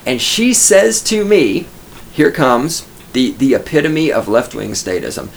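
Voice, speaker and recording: A man's voice: mid-range voice, lively intonation, measured pace, gravelly, slight background noise. A middle-aged man from Texas, hosting a podcast and telling a scornful, profanity-laced story as a ranting monologue. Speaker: podcast host.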